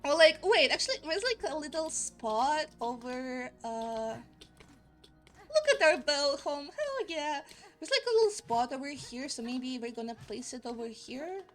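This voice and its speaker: A woman live-streaming a video game, chatting casually, giggling, and blurting out exclamations. Her voice sits high, and faint music plays underneath. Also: big pitch swings, unhurried, fairly bright tone.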